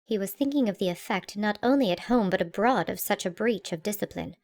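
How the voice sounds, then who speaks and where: Calm woman audiobook narrator. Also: mid-range voice, fairly quick.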